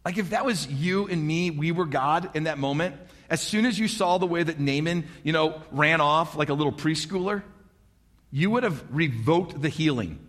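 A man preaching a sermon in an animated, conversational way, with frequent rhetorical questions to the congregation. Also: a little high, normal speed, big-room sound.

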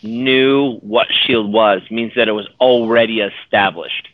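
A man's voice: fairly low pitch, steady tone, a little slow, dry recording. A man co-hosting a fan podcast in casual chat, rambling and restarting as he muses about the story. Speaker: podcast co-host. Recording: dry, tinny phone-like audio.

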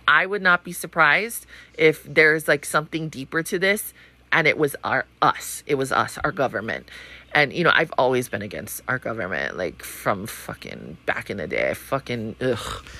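A woman's voice: sits low, a bit bright, no room sound. A woman in her thirties talking in a blunt, profane and rambling way, full of fillers, in a casual monologue. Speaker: vlogger.

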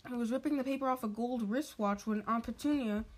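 High-voiced woman reading a story aloud. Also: brisk. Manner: frequent stumbles and restarts.

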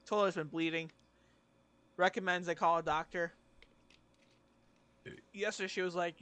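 A man's voice: a little high, normal speed, pauses often, bright, forceful tone, smooth, dry recording. A young man co-hosting a podcast, telling a rambling story with casual swearing. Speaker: podcast co-host. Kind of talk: casual chat.

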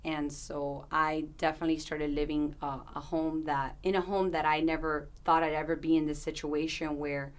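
A woman's voice: low-pitched, flat delivery, moderate pace, few pauses. A woman in her thirties, an interview guest, telling a personal story in an earnest, candid way, with restarts and asides.

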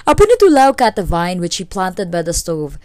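A woman narrating a folk tale in a steady, clear read-aloud manner. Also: fairly low pitch, fairly quick, dry recording. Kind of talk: storytelling narration.

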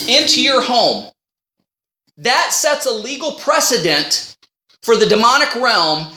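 Bright-voiced male minister preaching in echo. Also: very high voice. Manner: storytelling, acting out his own past dialogue. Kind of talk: sermon. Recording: roomy echo.

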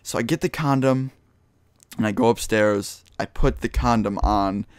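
A man's voice: fairly low pitch, unhurried, smooth, no room sound, studio quality. A young man telling a personal story in a casual, rambling way, full of fillers. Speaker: vlogger. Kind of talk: storytime vlog.

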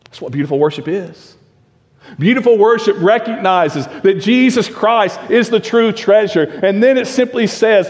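A male pastor preaching a sermon, emphatic, full of rhetorical questions, swinging between loud and hushed. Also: high-pitched, unhurried. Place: church sanctuary. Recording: long reverb of a church sanctuary.

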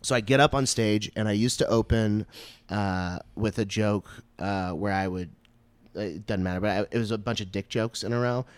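A man, a stand-up comic, telling a story in casual chat, animated and full of swearing and "like" fillers. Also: on the low side, moderate pace, clean tone, dry recording. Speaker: stand-up comedian.

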